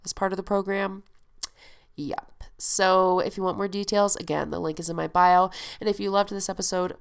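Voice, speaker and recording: A woman's voice: lowish voice, vocal fry, smooth. A woman hosting a podcast with a stuffed-up, nasal voice, talking in a chatty, emphatic, motivational way. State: stuffed-up nose. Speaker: podcast host. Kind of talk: casual solo podcast monologue.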